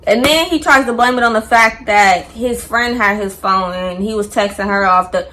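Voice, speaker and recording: Young woman telling a story, animated, acts out the quotes, mid pitch. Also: normal speed, hardly any pauses. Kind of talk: casual storytime.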